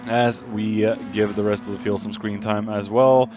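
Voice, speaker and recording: A man giving live commentary on a sim racing league, calling overtakes and getting excited, even shouting warnings at drivers. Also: on the low side, moderate pace, hardly any pauses, background noise.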